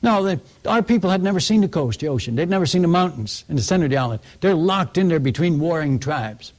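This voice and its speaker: A man preaching as a missionary, telling a story in an animated way and often restarting and repeating words. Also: on the high side, fast. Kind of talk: sermon storytelling.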